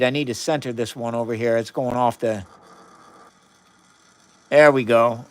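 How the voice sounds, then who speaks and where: A man's voice: medium pitch, fairly even intonation, measured pace, pauses often. A man on a live science stream, chatting casually as he runs experiments in a chemistry lab and greets viewers by name.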